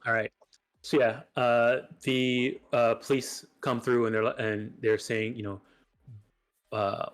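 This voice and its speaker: A man's voice: on the low side, level tone, takes it slowly. A man narrating a tabletop game as game master, rambling, with many filler sounds.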